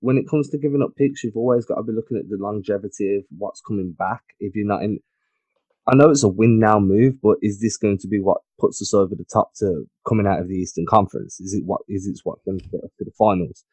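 A man's voice: lowish voice, quick pace, a little mellow, no echo. A man co-hosting a sports podcast in casual chat, blunt, opinionated and teasing. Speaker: podcast co-host.

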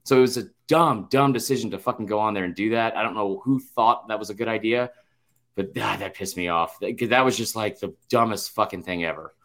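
A man's voice: fairly low pitch, fairly quick, a bit bright. A young man co-hosting a casual sports podcast, talking in long rambling runs with frequent restarts, fillers and swearing. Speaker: podcast co-host.

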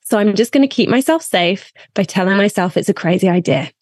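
Brief: woman life coach guest, mid-pitched, earnest and encouraging, dry close sound. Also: animated, fairly quick, darkish tone, dry recording. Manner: earnest, encouraging, addresses listener as my friend. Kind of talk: casual interview chat.

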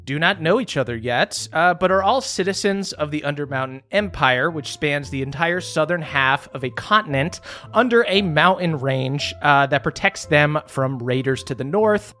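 A man running a tabletop game podcast, his voice sitting a little high for a man. He tells the opening tale in a playful, mock-grand storyteller manner, then explains the setting to his players. Soft music plays faintly behind him. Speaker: game master.

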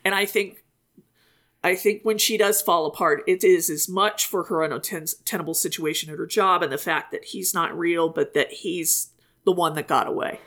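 A woman co-hosting a podcast, talking in a chatty, animated way and laughing often. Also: lowish voice, normal speed. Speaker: podcast co-host. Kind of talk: casual chat.

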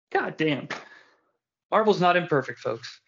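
A man's voice: a little high, lively intonation, slow, creaky, a bit bright, breathy edge. A man hosting a podcast in casual chat, rambling and swearing often, laughing between thoughts. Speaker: podcast host. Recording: dull lo-fi sound.

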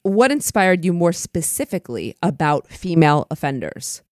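A woman's voice: on the low side, big pitch swings, normal speed, dry recording, clean studio sound. A woman co-hosting a casual podcast and teaching criminology, talking with enthusiasm and gratitude. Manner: enthusiastic, grateful.

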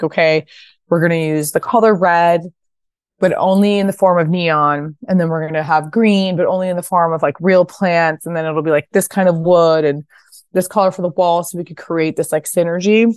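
A woman in her thirties with a notably low voice tells stories on a podcast. She talks casually, drops the odd swear, and lifts into high voices to act out quotes. The sound is close and dry. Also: a little mellow, dry recording. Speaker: guest, fashion brand founder. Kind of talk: casual interview storytelling.

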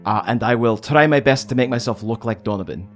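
A man's voice: medium pitch, a little fast, soft background music. A man playing a tabletop game, describing his character's moves in a jokey way. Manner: jokey, animated. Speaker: player. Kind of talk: casual tabletop play.

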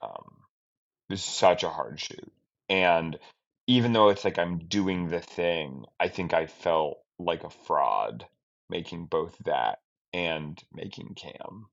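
A man who is a film director, giving a candid, reflective interview with halting speech, many restarts and trailing-off phrases. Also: deep voice, animated, creaky. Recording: dull lo-fi sound.

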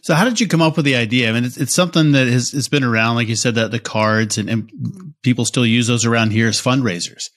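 A man's voice: medium pitch, quick pace, hardly any pauses, a bit bright. A man hosting a podcast, asking the guest curious questions and giving short replies. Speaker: podcast host. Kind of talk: interview questions.

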